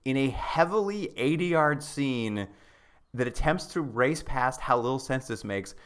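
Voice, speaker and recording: A man's voice: mid-range voice, animated, unhurried, fairly bright tone, smooth. A man co-hosting a podcast in casual chat, recapping plot and acting out quoted lines with laughter. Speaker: podcast co-host.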